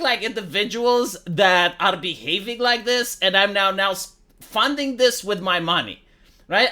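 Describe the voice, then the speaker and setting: A sarcastic man rants through his commentary in a high, lively voice that rises and falls a lot. His tone is bright and sharp, and his language is crude. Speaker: commentary vlogger. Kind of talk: opinion commentary rant.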